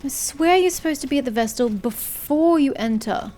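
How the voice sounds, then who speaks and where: High-voiced woman muttering while gaming. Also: lively intonation, normal speed, mellow, soft background music. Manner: frustrated, swearing, muttering to herself. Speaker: gaming streamer. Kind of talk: casual let's-play commentary.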